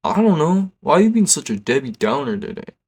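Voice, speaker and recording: A man's voice: fairly high pitch, very animated, fairly quick, a little mellow, slightly rough, voice pushed up, full character voice. Guy doing cocky teen boy troublemaker, slangy and laid back. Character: reckless teenage boy classmate, cocky troublemaker.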